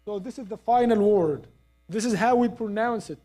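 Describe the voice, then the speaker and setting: Tajweed teacher, mellow tone, repeats sounds slowly, keeps asking "right?". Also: medium pitch. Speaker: Quran recitation teacher. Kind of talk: live tajweed class.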